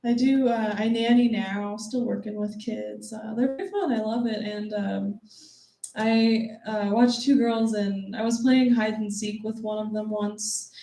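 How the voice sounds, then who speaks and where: A woman's voice: mid-range voice, fairly even intonation, unhurried, warm tone. A young woman performing a stand-up comedy set, self-deprecating and often breaking into giggles. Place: comedy club stage. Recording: echoey room, heard from a distance, audible noise.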